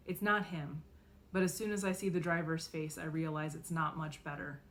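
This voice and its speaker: A woman narrating a novel in the first person, expressive and acting out the dialogue. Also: lowish voice, slight background noise. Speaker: audiobook reader.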